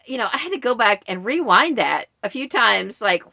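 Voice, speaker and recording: A woman's voice: on the high side, lively intonation, normal speed, pushed and bright, dry recording, clean studio sound. A woman in her forties giving casual vlog commentary as a book reviewer, chatty and explanatory, with frequent fillers.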